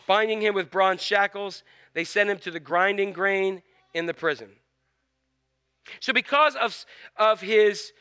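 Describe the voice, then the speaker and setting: Male pastor, high clear voice, animated sermon storytelling. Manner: animated storytelling, acts out scenes.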